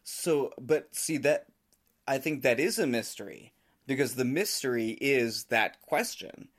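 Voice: mid-range voice, animated, measured pace. A co-host talks through an idea in casual conversation, thinking aloud as they go. The delivery is hesitant and full of false starts. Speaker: podcast co-host.

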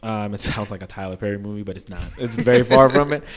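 A man's voice: lowish voice, fast. A man from Brooklyn with a New York accent, chatting animatedly as a podcast guest and laughing often. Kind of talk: casual podcast chat.

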